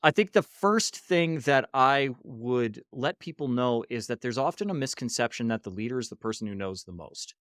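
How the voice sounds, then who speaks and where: Man, podcast guest, storyteller, mid pitch, acts out voices, dry close mic. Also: lively intonation, moderate pace, few pauses, fairly bright tone, no echo. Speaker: podcast guest, workshop leader. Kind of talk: casual interview storytelling. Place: hostel room.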